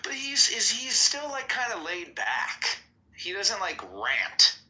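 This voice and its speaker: Guy cohosting, jokey, keeps asking quick questions, super bright voice, bouncy. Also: sits high, wildly swooping pitch, rough recording. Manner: quick, joking, asks lots of questions. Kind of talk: casual chat.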